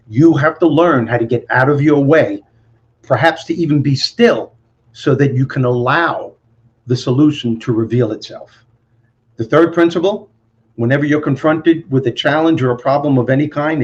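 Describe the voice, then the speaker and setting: A man from Brooklyn with a Brooklyn accent, a guest motivational speaker telling stories in an animated, confident way. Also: mid-range voice, lo-fi sound. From Brooklyn, New York. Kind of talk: interview storytelling.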